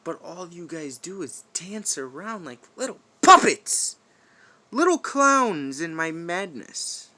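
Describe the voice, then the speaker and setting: A man cutting a menacing, in-character wrestling promo in a high, sharp, tense voice. He drags out his words slowly, taunting and cursing, and swings from loud outbursts to hushed, threatening whispers. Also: very animated. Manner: profane trash talk.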